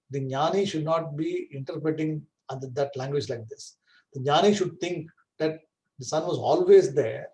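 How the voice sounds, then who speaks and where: A man's voice: fairly high pitch, a little mellow, poor audio. A man teaching a scripture class, explaining patiently and often checking that listeners follow. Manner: explains patiently, checks understanding with "right?" and "correct?". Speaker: Vedanta teacher.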